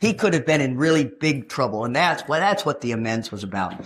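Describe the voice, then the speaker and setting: A woman in her sixties from Texas, telling her own recovery story at a meeting in a frank, animated storytelling way with touches of humor. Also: a bass voice, fairly quick. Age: 60s. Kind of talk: personal testimony at a recovery meeting. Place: meeting room.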